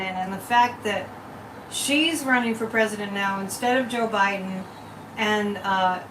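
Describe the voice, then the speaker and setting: A woman's voice: a little high, recorded from a distance, noisy background. Chatty woman psychic in an echoey room. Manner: chatty, rambling, talks straight to viewers. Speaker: psychic reader and channel host. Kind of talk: casual livestream tarot and tea leaf reading. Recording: roomy sound from away from the mic.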